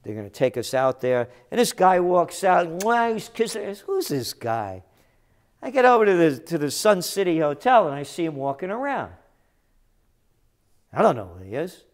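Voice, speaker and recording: A man who forecasts trends, giving a combative, sarcastic ranting commentary that bursts into shouted insults. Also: a little high, sing-song, normal speed. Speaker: trends forecaster and journal publisher.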